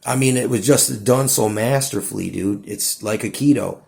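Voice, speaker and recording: A man with a low, gravelly voice talks in a loose, rambling monologue. He trips over his words, restarts sentences, and keeps dropping "dude" and "you know what I'm saying.". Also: moderate pace, darkish tone. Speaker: vlogger.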